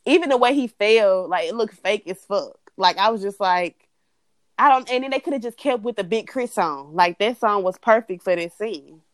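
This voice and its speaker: A young woman co-hosting a casual chat, blunt and animated, swearing freely as she rants. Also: mid-range voice, moderate pace, dry recording. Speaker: podcast co-host.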